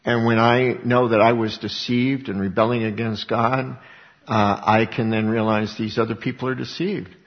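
A man's voice: medium pitch, steady tone, moderate pace, big-room sound, highs cut off. A man preaching a sermon, reading scripture aloud and then explaining it in a conversational way with rhetorical questions. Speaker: pastor.

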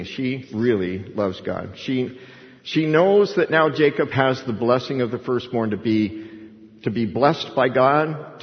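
An older man teaching a bible study as a pastor, animated storytelling and acting out the voices of the people in the story. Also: mid-range voice. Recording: dull recording in a long-reverb hall.

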